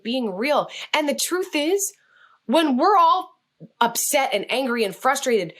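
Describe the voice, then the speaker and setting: A woman telling a story as a guest on a podcast interview, speaking in an animated, expressive way. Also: on the high side. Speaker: guest, communication coach.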